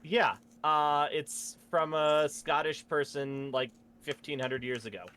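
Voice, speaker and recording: Halting man playing a tabletop game. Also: a little high, steady tone, sharp tone, a little hiss or hum. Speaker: player. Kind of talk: casual tabletop play.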